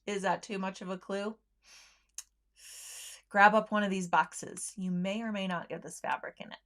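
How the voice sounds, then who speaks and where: A woman's voice: medium pitch, fairly even intonation, moderate pace, a bit bright. A woman hosting a sewing livestream, chatting casually with viewers, friendly, with lots of ums and easy laughs.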